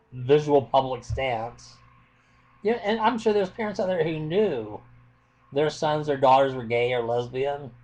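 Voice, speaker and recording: A man's voice: mid-range voice, a little mellow. A man ranting into his webcam at home, blunt and impassioned, swearing freely. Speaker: vlogger. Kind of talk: webcam rant.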